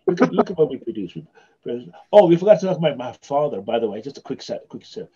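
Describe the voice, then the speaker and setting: A man's voice: medium pitch, big pitch swings, fast, dark tone, breathy edge, highs cut off. A man, a magician guest, telling long rambling anecdotes with many restarts in casual podcast chat. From South Africa.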